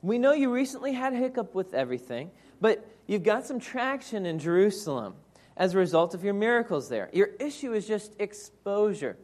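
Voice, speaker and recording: A woman's voice: very animated, fairly quick, darkish tone. A woman voicing Jesus' brothers as breezy promoters. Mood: persuasive. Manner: breezy salesman pitch.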